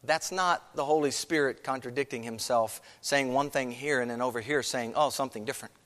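A man's voice: mid-range voice, moderate pace, a bit bright, big-room sound. A man preaching a sermon as pastor, earnest, with many rhetorical questions.

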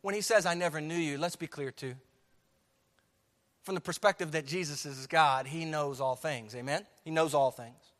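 Guy preaching a sermon, kinda high voice, big church echo, gets loud then quiet. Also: normal speed. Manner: emphatic preaching, swings from soft to loud. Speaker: pastor. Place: church sanctuary.

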